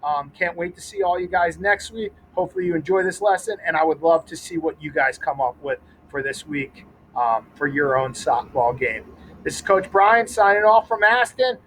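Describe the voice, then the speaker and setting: A man's voice: a little high, normal speed, fairly bright tone, a little hiss or hum, rough recording. A young adult man coaching kids through a ball game outdoors at a school, upbeat and counting catches aloud. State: out of breath.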